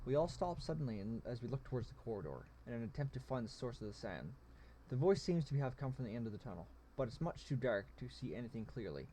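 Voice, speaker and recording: Role: story game reader. Sex: man. Style: casual narration. Pitch: medium. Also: very animated, fast, mellow, slight background noise. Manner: casual reading with asides. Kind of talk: narrating a text adventure.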